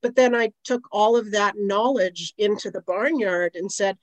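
A woman's voice: mid-range voice, a little slow, hardly any pauses, no room sound, low-quality recording. Chatty woman telling stories. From Canada. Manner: rambling, conversational, many "you know" asides. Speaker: guest, aromatherapist. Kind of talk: podcast interview storytelling.

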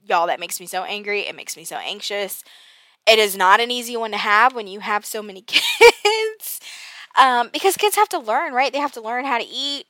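A woman's voice: a little high, expressive, normal speed, pushed and bright, dry recording. A woman, chatting casually on her podcast, exasperated and laughing at herself, with lots of fillers. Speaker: podcast host. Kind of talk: casual personal podcast talk.

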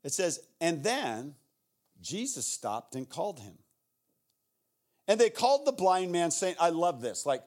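A guest pastor with an American accent preaching a sermon. He acts out shouted voices from the story and drops to a hushed tone when he prays. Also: a little high, expressive, moderate pace.

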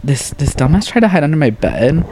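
A man's voice: fairly high pitch, fast talker, slight background noise. A young man, a podcast guest, telling stories in casual chat and acting out the voices of people in them. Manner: animated, acts out quoted voices, swears casually.

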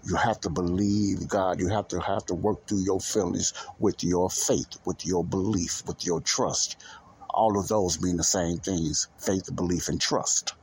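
Male podcast host, very low husky voice, earnest unscripted preaching-style chat. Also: fairly even intonation, measured pace, a little mellow. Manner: earnest, repetitive, restarts often. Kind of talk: casual Christian commentary.

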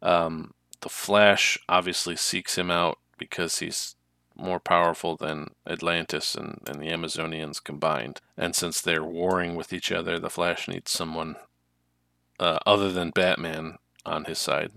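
A man with a low, gravelly voice that has a bright, forceful edge chats freely and retells stories at length. He sounds casual and talkative, recorded dry and close. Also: flat delivery, a little slow, no room sound. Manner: chatty, retells plots at length. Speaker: podcast co-host. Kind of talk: casual chat.

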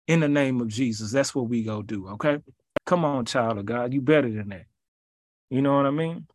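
A man's voice: mid-range voice, no room sound, studio quality. A man preaching informally, driving points home with rhythmic repetition and casual slang.

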